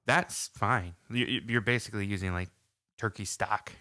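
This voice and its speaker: A man chatting casually as a podcast co-host, his lowish voice bright and forward. The sound is dry and close, with no room around it. He jokes easily and slips into confident cooking advice. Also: moderate pace, dry recording. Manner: jokey, gives cooking tips. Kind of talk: casual chat.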